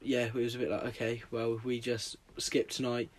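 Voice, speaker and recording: Male podcast co-host, mid pitch, teasing and jokey. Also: monotone, moderate pace. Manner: teasing, jokey, laughs a lot. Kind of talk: casual chat.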